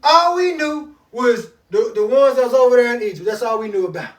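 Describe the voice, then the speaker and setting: High-voiced fervent preacher man. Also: a little fast. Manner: fervent, rhythmic, repeats phrases. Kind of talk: preaching Bible study. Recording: echoey room, distant mic.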